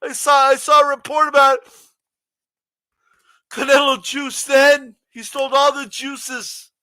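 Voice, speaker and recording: A man's voice: extremely high pitch, little pitch movement, a little slow, sharp tone, dry recording. A man hosting a boxing channel, ranting sarcastically with profanity and frequent laughs. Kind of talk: sarcastic commentary rant.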